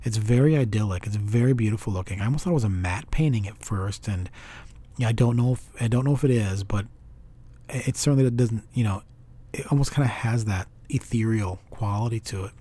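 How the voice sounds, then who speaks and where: Male film reviewer, low mellow husky voice, rambling and animated. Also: brisk. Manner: rambling, frequent restarts, animated retelling. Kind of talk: casual film review monologue.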